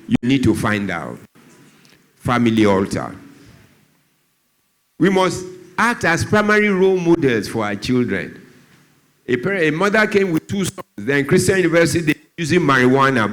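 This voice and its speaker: Speaking at a normal pace with frequent pauses, a very animated Nigerian man, a doctor who talks about drug abuse, addresses a church. He tells stories, playing out the dialogue of the people in them with lots of pitch movement.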